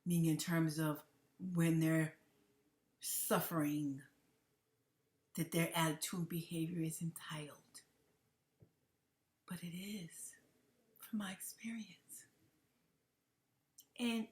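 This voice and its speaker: Low-voiced woman giving emotional commentary. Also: fairly even intonation, measured pace, pauses often. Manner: emotional, often dropping to a whisper, repeats herself. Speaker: commentary vlogger.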